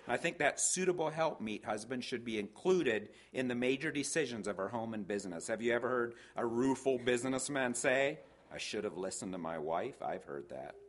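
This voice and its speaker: A man's voice: mid-range voice, expressive, fairly quick, hardly any pauses. An older man preaching a sermon on marriage, telling folksy stories with hesitant restarts and quoting voices.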